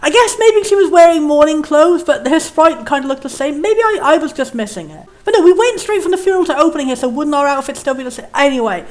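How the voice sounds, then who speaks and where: A woman hosting a casual game playthrough, chatting in a rambling way and reading the game's text aloud in a lower, solemn tone. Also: animated, fast talker, hardly any pauses. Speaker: let's play host. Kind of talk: casual gameplay commentary.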